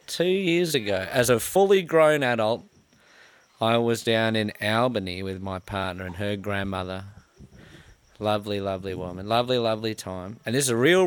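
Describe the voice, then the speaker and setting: Australian bloke in his 30s, lowish voice, swears freely, mocks himself, animated yarn-spinner. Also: brisk, smooth. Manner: profane, self-mocking, animated storyteller. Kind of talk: casual storytelling.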